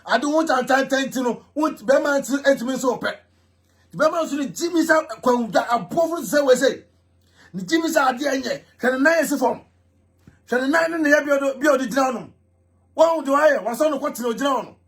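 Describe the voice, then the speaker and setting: A man ranting loudly as a vlog host, repeating himself and mocking. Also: very high voice, lively intonation, normal speed. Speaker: vlogger host. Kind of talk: animated ranting commentary.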